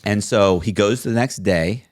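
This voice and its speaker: A man's voice: on the low side, unhurried, dry recording, studio quality. A man telling a story in a casual interview, acting out both sides of the conversations he recounts. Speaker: podcast guest telling his story.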